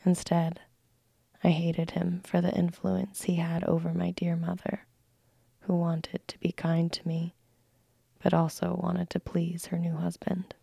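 A woman narrating a classic story in a soft, slow unvoiced whisper, a whispered role-play read close to the mic. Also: lowish voice, monotone, vocal fry, husky, no room sound.

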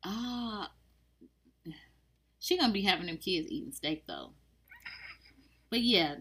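A woman co-hosting a laid-back podcast, giving blunt and joking opinions about a reality TV show. She talks in a slangy, offhand way at a steady middle pitch. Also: slow, husky. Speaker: podcast co-host. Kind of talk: casual chat about reality TV.

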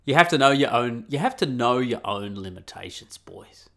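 A middle-aged Australian man hosts a solo podcast, talking candidly in a rambling, casual way full of restarts and swearing. His medium-pitched voice is creaky and a bit bright, expressive, at a moderate pace.

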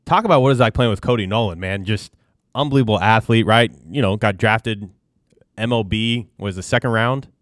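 A man's voice: fairly low pitch, brisk, fairly bright tone, no room sound, studio quality. A man hosting a casual podcast interview, asking long, rambling questions full of fillers. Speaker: podcast host.

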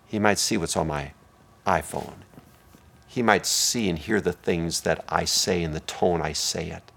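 A man preaching a sermon as pastor, swinging between hushed, intimate lines and loud, emphatic ones. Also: sits low, a little slow, creaky.

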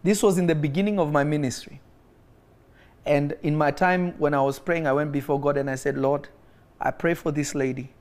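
A man with a fairly high, slightly mellow voice and fairly even intonation preaches at a moderate pace to an online audience. He tells a healing story and urges listeners on with emphatic, repeated phrases, at times praying in tongues.

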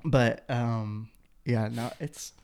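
A young man chatting loosely as host, looping through stories with fillers and quick asides. His voice sits at an ordinary middle pitch for a man. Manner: rambling, animated storytelling with many fillers. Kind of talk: casual chat.

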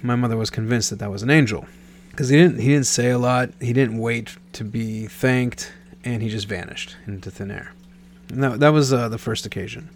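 Speaking at normal speed in a medium-pitched voice, this Nebraska man in his thirties wanders through a personal anecdote. He frequently restarts and fixes his wording partway through, over slight background noise.

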